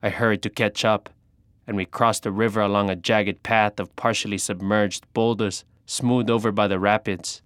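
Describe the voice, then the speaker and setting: A man narrating an adventure story in the first person, measured and dramatic. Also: on the low side, fairly bright tone, clear, resonant tone, dry recording, clean studio sound.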